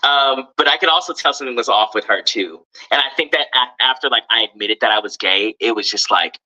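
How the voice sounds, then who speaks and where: A man's voice: mid-range voice, a little fast, sharp tone, poor audio. A man telling a personal story in an earnest, open and somewhat hesitant way, heard from a clip played back. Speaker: guest telling his story.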